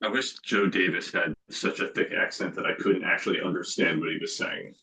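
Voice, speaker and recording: A man from New Jersey co-hosting a sports podcast, with a deep, low voice. He speaks casually and drops dry, wry asides into the chat. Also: brisk, sharp tone, low-quality recording. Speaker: podcast co-host.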